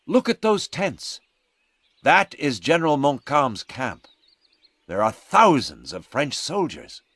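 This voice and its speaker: A man's voice: fairly high pitch, big pitch swings, takes it slowly, a bit bright, no room sound, pitched above the performer's own voice, full character voice. A man doing an urgent young officer.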